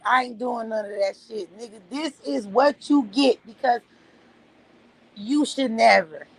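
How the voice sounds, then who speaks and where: A woman's voice: a little high, a little slow, rough recording. A middle-aged woman on a livestream, ranting with heat and profanity and repeating her phrases for emphasis. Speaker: livestream host. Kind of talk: emotional livestream rant.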